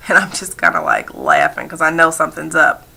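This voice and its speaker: A woman voice interpreter speaking a personal story told in sign language, with halting, repetitive phrasing and frequent fillers. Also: low-pitched, wildly swooping pitch, gravelly, sharp tone, husky.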